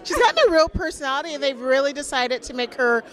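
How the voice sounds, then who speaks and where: A woman's voice: sits high, sing-song, fast, a faint crowd. A woman interviewer asking questions in an eager, gushing, casual manner.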